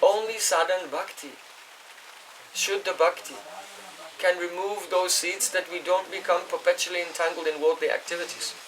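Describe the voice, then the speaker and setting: High-pitched guy giving a scripture class, explains stuff, chants sanskrit bits, sounds far from the mic. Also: fairly even intonation, moderate pace, fairly bright tone. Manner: explanatory, checks in with listeners. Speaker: spiritual teacher. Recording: voice distant from the mic.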